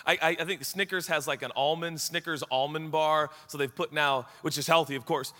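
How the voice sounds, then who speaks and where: A middle-aged man as pastor giving a sermon, telling a story with animated energy that rises into excited shouts and laughter. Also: fairly high pitch, a little fast, in a large hall.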